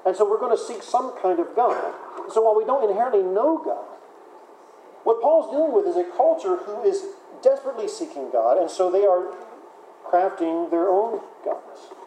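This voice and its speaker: Guy preaching a sermon, kinda high voice but mellow, echoey church room. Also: animated, normal speed, slight background noise. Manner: conversational preaching with repeated words and fillers. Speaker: pastor.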